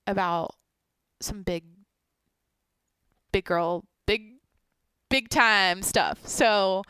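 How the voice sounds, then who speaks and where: Young female solo podcaster, sleepy and rambly, profane, gravelly tone, dry close mic. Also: mid-range voice, dry recording. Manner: rambling, profane, swings between loud bursts and near-whispers. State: sleepy, tired. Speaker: podcast host. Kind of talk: solo daily podcast monologue.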